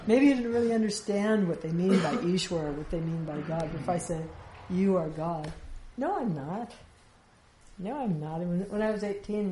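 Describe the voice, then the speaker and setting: A woman giving an informal spiritual teaching, talking conversationally with rhetorical questions and light laughs. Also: on the low side. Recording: echoey room with faint ambience.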